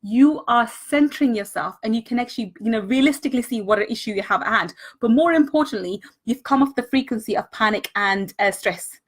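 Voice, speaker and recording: A woman's voice: a little high, brisk, hardly any pauses. A woman giving a live-streamed coaching talk on money mindset, earnest, repeating words for emphasis and greeting viewers as she goes. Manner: greets viewers and thanks them mid-talk.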